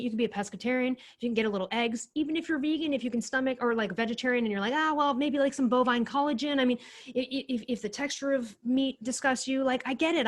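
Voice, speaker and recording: A woman co-hosting a podcast, speaking her mind in an opinionated, ranting way in casual chat. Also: fairly high pitch. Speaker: podcast co-host.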